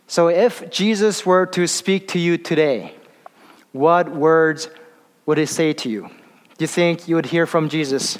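A man preaching a sermon, speaking haltingly with many fillers and restarts and slowing down for emphasis. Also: fairly high pitch. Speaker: pastor. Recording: long hall reverb.

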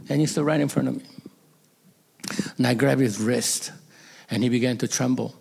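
A man's voice: medium pitch, normal speed, creaky, darkish tone, breathy edge. A middle-aged man, a pastor, telling a personal story in a sermon, emotional and at times dropping to a whisper.

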